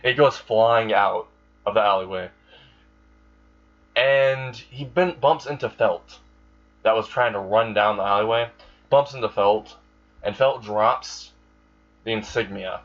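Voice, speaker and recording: A man's voice: on the low side, unhurried, long pauses. A young man casually improvising a fan story, rambling, swearing and correcting himself as he goes. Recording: dull lo-fi recording.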